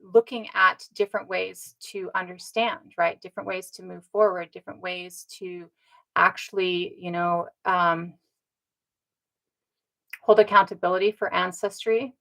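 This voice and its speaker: A woman's voice: lowish voice, creaky, sharp tone, poor audio. A woman talking straight to her viewers in a casual monologue, earnest, with many ums and rhetorical "right?" tags. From Indigenous North America. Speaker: commentator. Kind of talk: casual direct-to-camera monologue.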